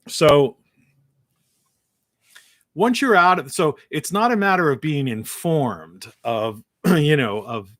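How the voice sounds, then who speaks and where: A man hosting a live talk show in a rambling monologue, with frequent restarts and a morning voice, clearing his throat now and then. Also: a little high, lively intonation, slow, long pauses, fairly bright tone, no room sound. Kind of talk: solo live-stream monologue.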